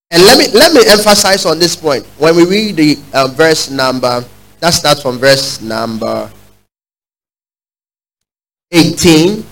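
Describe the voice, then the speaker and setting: A man preaching a sermon, urging the congregation to repeat lines after him and building to loud, emphatic peaks. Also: a little high, expressive, a little slow, long pauses, faint music behind, poor audio. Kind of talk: sermon with call-and-response.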